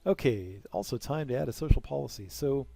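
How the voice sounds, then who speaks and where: A young man talks through a strategy game in a casual let's-play style, his voice gravelly with fry. He drifts between dry, sarcastic quips and low muttered asides to himself. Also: lively intonation, fairly quick, warm tone, no room sound. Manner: sarcastic, mutters asides, breaks into snippets of song. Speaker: gameplay commentator.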